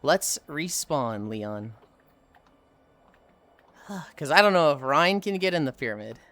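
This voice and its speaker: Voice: mid-range voice, animated, takes it slowly, fairly bright tone. Sighing, foul-mouthed game streamer. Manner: profane, sighs often, chatty. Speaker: livestreamer. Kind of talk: casual gaming commentary.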